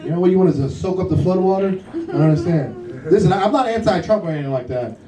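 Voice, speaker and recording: Profane, laughing stand-up comic, lively pitch. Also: male voice, quick pace, recorded from a distance. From Puerto Rico. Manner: profane, laughing through his jokes. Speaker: stand-up comedian. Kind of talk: stand-up comedy set. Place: kava bar comedy night, indoors. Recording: roomy bar audio from afar, crowd audible. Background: crowd laughter.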